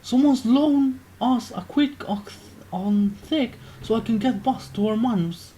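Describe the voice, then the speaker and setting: A man's voice: very high-pitched, slow pace, warm tone, a little hiss or hum, voice pushed up. A man voicing a broke young male lad in a put-on English accent, swearing and blustering. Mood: cadging.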